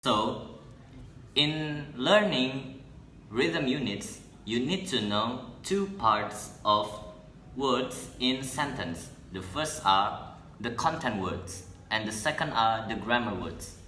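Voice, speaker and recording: A young man, a student presenting an English lesson in a halting way, correcting himself as he goes. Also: mid-range voice, animated, sharp tone, slight background noise. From Indonesia. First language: Indonesian. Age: young adult. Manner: halting, with restarts and self-corrections. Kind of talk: classroom explanation. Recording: echoey room.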